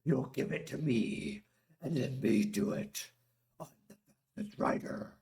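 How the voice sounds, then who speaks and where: A man's voice: medium pitch, sing-song, a little slow, gravelly, darkish tone, husky, pitched above the performer's own voice, full character voice. A man doing a grim, vengeful warrior Drog.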